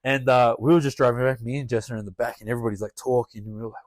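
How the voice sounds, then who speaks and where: A man's voice: medium pitch, fairly even intonation, very fast, no echo. Dry, close-miked man telling a story. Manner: swears a lot, laughs through the story. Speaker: wrestler guest. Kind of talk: casual storytelling. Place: podcast studio.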